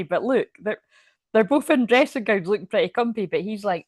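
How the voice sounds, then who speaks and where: A woman's voice: mid-range voice, lively intonation, a little slow, pauses often, no echo. A woman reading tarot cards on a live stream, chatty and laughing often, with rambling asides. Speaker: tarot reader.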